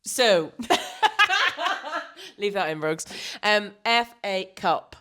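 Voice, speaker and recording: A woman's voice: mid-range voice, huge pitch swings, sharp tone. Joking woman co-hosting. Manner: chimes in with quick jokes and laughs. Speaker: podcast co-host. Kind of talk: casual chat.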